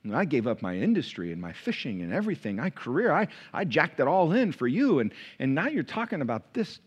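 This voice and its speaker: A male pastor preaching a sermon, chatty and informal one moment, rising to impassioned, near-shouted preaching the next. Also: on the high side, big pitch swings, brisk, hardly any pauses, breathy edge, dull audio. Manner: conversational, building to impassioned shouting.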